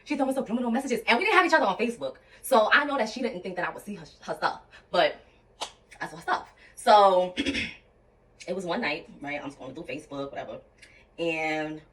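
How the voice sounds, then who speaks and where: Animated young woman telling a story. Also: medium pitch, recorded from a distance, low-quality recording. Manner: animated, addresses viewers as y'all, quotes people in dialogue. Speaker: storytime vlogger. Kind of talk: casual storytelling to camera.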